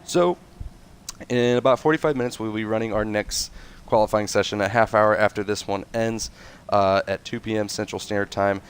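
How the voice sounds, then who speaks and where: A man's voice: fairly low pitch, fairly even intonation, normal speed, clear, resonant tone. A man with a slightly nasal, congested voice from a cold, hosting a livestream and making casual announcements with lots of fillers and self-corrections. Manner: rambling, chatty, frequent fillers and self-corrections. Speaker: league host and event coordinator.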